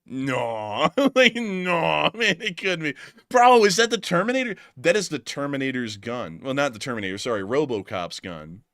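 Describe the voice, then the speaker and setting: A man from the Southern United States hosting a casual livestream, excitable and quick to say "dude". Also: fairly high pitch, no echo, studio quality. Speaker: host.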